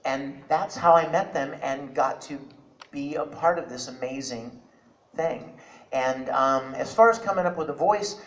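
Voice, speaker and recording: A man's voice: a little high, measured pace, poor audio. A man who is a voice actor, answering an audience question on a convention panel in an earnest, grateful, rambling way.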